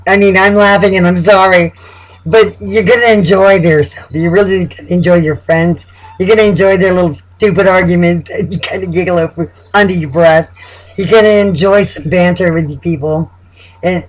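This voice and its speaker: Tarot reader, relaxed monologue, giggly and talkative, middle pitch, thinks out loud. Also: normal speed, low-quality recording. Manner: chatty, laughs often, amused; repeats words and restarts while thinking. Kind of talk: casual spoken tarot reading.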